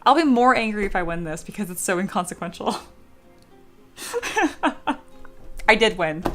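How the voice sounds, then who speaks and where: A woman's voice: mid-range voice, fairly bright tone. A young woman streamer chatting casually with her viewers, swearing and playing up dramatic mock outrage. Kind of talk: casual live-stream chat.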